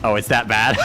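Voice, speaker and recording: Excitable young male game streamer. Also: mid-range voice. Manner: excitable and jokey, voice shooting up when startled. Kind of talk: live game stream commentary, reading chat.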